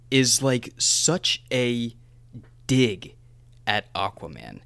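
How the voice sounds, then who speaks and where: A man chatting casually about a film, emphatic and excitable, swearing now and then. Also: mid-range voice, slow, vocal fry, no room sound. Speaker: podcast co-host discussing a film. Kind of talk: casual chat.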